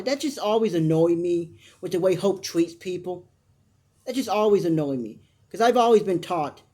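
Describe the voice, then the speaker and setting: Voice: medium pitch, mellow. Rambling opinionated soap opera reviewer. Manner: rambling, full of tangents and restarts; acts out characters' lines in mock voices. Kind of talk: casual recap commentary.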